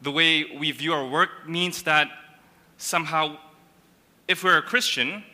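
A man's voice: on the high side, a little slow, bright, forceful tone. A man preaching a sermon as a pastor, earnest, restating and repeating words as he builds each point. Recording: long hall reverb.

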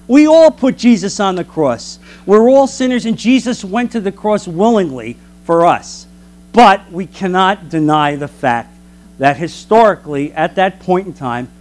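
A man teaching a Bible class in an animated preaching manner, full of rhetorical questions. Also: high-pitched.

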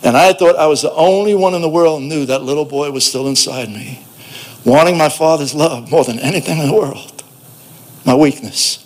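A man's voice: on the high side, normal speed. Plainspoken man telling his own testimony. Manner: plainspoken and blunt, with a streetwise edge. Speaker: speaker giving a personal testimony. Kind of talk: first-person storytelling testimony.

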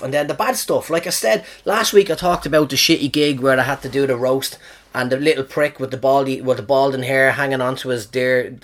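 Male comedian with a mid-pitched voice, loose and profane, telling stories in digressions. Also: a bit bright. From Ireland. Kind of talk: casual chat.

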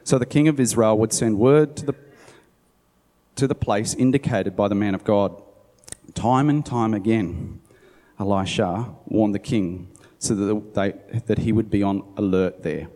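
Guy giving a sermon, reads scripture then muses out loud, mellow warm voice, long hall echo. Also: on the low side, measured pace. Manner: conversational, musing aside. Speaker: preacher. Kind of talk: sermon, Bible reading with commentary.

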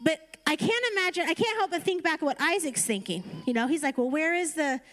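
A woman's voice: very high voice, very animated, fast talker, a bit bright. A woman preaching a conversational sermon, retelling a story casually and then urging her listeners on. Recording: reverberant hall.

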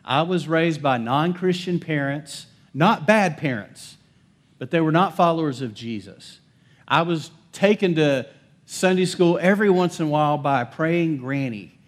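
A man's voice: a little high, measured pace. Emphatic man preaching a sermon. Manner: emphatic, calls for congregation responses; swings between loud declarations and soft hushed lines. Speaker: pastor. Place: church service.

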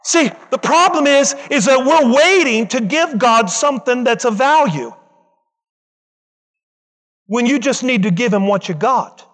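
A man's voice: very high-pitched, animated, measured pace, a bit bright. A man preaching a sermon with passion, driving points home through rhythmic repetition and calling out to the congregation. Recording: long reverb in a large hall.

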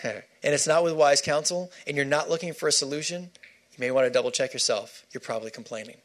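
A man's voice: a little high, fast. A man preaching a sermon, emphatic and repeating key phrases for stress.

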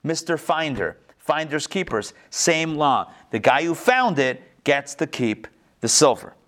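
An animated man leads an online Talmud class. His voice swings widely in pitch as he repeats phrases for emphasis and fires off rhetorical questions. He acts out the characters' lines as he tells the stories. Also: a little slow. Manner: acts out story quotes in varied pitch. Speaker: rabbi teaching a class.

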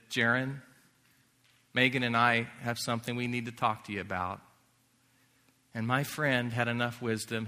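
A man preaching a sermon in earnest, sometimes dropping to a hushed near-whisper. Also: medium pitch. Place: large hall or chapel. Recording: long hall reverb.

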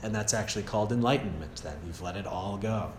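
A man with an American accent giving a gentle, casual meditation teaching at a retreat, often checking in with "yeah?". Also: on the low side, fast, a little hiss or hum. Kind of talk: relaxed meditation talk. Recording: echoey room, faint ambience.

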